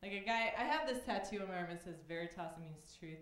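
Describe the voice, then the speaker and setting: A woman from Oklahoma doing a stand-up set at an open mic, with wry, deadpan storytelling. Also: fairly low pitch, fast talker. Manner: wry, deadpan storytelling with sudden voiced quotes. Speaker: stand-up comic. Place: small comedy club stage. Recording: echoey comedy club.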